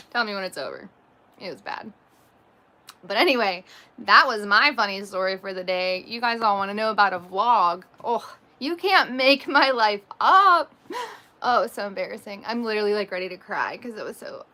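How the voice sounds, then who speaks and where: A woman's voice: medium pitch, sharp tone. A woman vlogger and mother chatting casually on a livestream, telling stories with frequent laughs and many ums.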